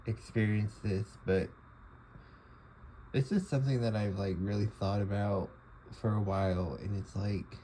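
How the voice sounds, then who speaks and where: Low mellow-voiced rambling young man. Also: fairly even intonation, measured pace, slight background noise, low-quality recording. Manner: rambling, many fillers and restarts. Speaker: vlogger. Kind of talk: casual monologue.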